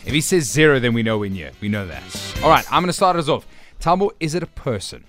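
A man's voice: mid-range voice, expressive, fast, a bit bright. A man hosting breakfast radio, upbeat and chatty as he explains a guessing game. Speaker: radio host. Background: music.

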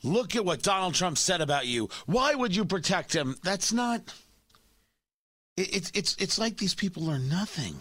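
A man's voice: high-pitched, big pitch swings, normal speed, few pauses, fairly bright tone, no echo. A man hosting a talk radio show, giving opinionated, mocking commentary from a studio microphone.

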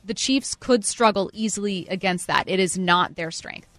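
A woman's voice: mid-range voice, normal speed, music in the background. Playful woman sports talk host. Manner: self-deprecating, playful.

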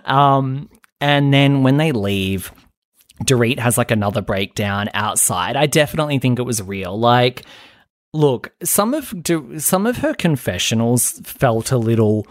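A man chatting casually as a podcast host, gossipy and animated, slipping into dramatic impressions. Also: medium pitch, measured pace, dry recording, clean studio sound. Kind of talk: casual chat recap.

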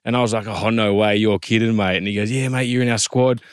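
An Australian man in his thirties, a former rugby league player telling an animated story in casual chat, quoting others in lively voices. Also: fairly low pitch, fast, smooth, no room sound, clean studio sound.

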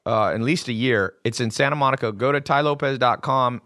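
A man hosting a podcast, talking to guests across a table in a brash, animated way and swearing freely. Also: medium pitch, fairly quick. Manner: brash, profane, animated storyteller. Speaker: podcast host. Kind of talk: motivational talk with guests.

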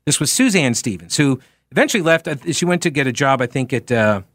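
A radio talk show host with a Long Island accent and a slightly nasal, medium-pitched voice rambles through a casual monologue, fast and expressive, tossing in wry asides. His tone is a bit bright, captured on a studio mic in a radio studio with clean, echo-free sound.

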